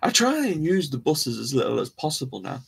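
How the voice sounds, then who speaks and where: A man's voice: a little high, sing-song, brisk, creaky, breathy edge. A man hosting a live show, talking in a rambling, chatty, self-mocking way. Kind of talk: casual live-stream chat.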